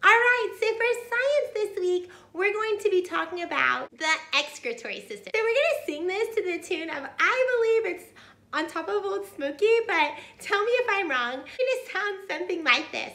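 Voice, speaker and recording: Very high, bright-voiced cheerful tutor woman. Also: very animated, moderate pace. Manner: cheerful, demonstrates motions as she explains. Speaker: homeschool tutor. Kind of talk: upbeat teaching tips. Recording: echoey room.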